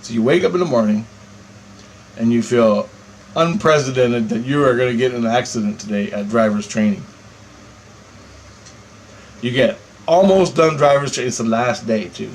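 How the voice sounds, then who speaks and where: A man's voice: mid-range voice, moderate pace, pauses often, low-quality recording. Guy ranting through a crazy story, swears a lot, laughs along, mid voice, bit of hiss behind. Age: adult. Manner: animated, profane, laughing between lines. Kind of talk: casual storytelling monologue.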